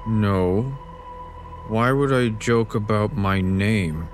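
A man's voice: lowish voice, slow, faint music behind. An actor playing a nosy male neighbor who barges in casually, then turns vacant and dim-witted, in an audio drama. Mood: dazed. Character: pushy male neighbor turning dazed and dim. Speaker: nosy trailer-park neighbor.

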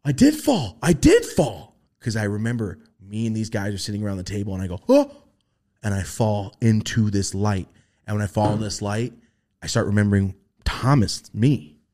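A young man on a podcast telling a story in casual chat, swearing freely and acting out the voices he quotes. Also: brisk. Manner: animated, swearing, acts out quoted voices in a high pitch. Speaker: podcast host.

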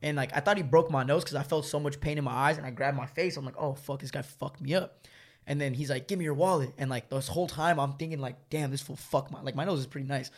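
A man's voice: medium pitch, fairly even intonation, quick pace. A young man telling a story to friends in casual chat, swearing often and using lots of fillers, laughing as he goes.

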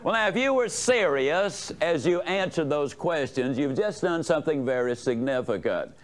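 A man delivering a motivational talk with a fairly high voice that swings widely up and down. He tells folksy, joking stories and puts questions to his listeners. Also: lively intonation, normal speed. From United States. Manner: folksy, humorous storytelling with audience questions. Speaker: motivational speaker. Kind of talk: motivational lecture to a live audience.

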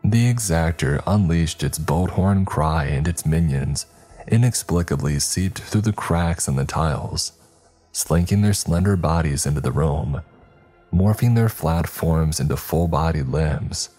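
A man narrating a scripted horror story with measured, dramatic storytelling. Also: rumbling low, breathy edge. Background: soft background music.

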